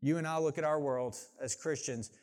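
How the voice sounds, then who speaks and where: A middle-aged pastor preaching a sermon in a conversational way, often saying "like" and restarting sentences. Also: male voice, a little high, normal speed, a little mellow.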